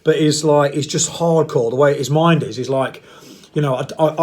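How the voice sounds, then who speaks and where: A man's voice: medium pitch, fairly even intonation, a little fast, darkish tone. Blunt, rambling man. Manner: rambling, blunt and self-mocking, with playful put-on voices. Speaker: vlogger. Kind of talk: casual monologue to camera.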